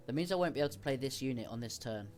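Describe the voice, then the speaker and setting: A man's voice: medium pitch, lively intonation, rapid-fire, a little mellow, faint music behind. Man explaining his card game moves. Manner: explains each decision, thinking aloud. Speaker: streamer. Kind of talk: casual gameplay commentary.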